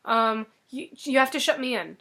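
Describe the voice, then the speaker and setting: A woman voicing a big, dim-witted male ogre who panics and shouts in a storytelling retelling. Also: a little high, expressive, normal speed. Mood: fretful. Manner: loud, panicky.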